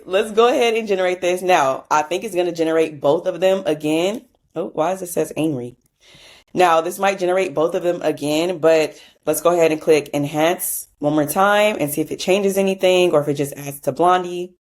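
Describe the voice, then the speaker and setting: A woman hosting a casual software tutorial, chatty, with frequent laughs and asides. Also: sits low, moderate pace. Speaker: tutorial host.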